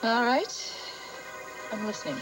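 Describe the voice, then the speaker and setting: A sensible young woman, skeptical but kind. She talks calmly in a high voice over a TV soundtrack with music. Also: measured pace. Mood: reasoning. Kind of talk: 1980s TV soap acting.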